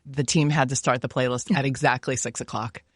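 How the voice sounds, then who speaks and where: A man's voice: medium pitch, little pitch movement, fairly quick, slightly rough, no echo, clean studio sound. An American man hosting an interview, playful and enthusiastic, teasing his guest. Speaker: podcast host. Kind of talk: casual interview chat.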